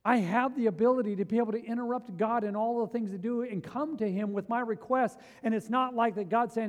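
A middle-aged man preaching a sermon as pastor, swinging from hushed, intimate storytelling to loud, rising emphasis. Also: sits high. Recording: reverberant hall.

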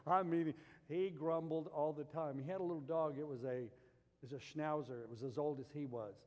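A male pastor preaching a sermon, shifting between relaxed storytelling and loud emphatic peaks. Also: fairly high pitch, fairly quick, long reverb tail.

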